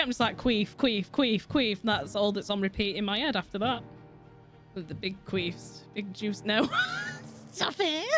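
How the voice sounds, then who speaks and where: A woman's voice: on the high side, fairly bright tone. Giggly, swearing woman streamer. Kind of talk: casual gameplay commentary with chat.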